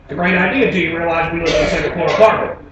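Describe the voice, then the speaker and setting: On stage before an audience, a man with a slightly high voice tells comic stories at a rapid-fire clip, rambling in a laid-back way with fillers. Crowd noise comes through on a distant, roomy, dull live recording.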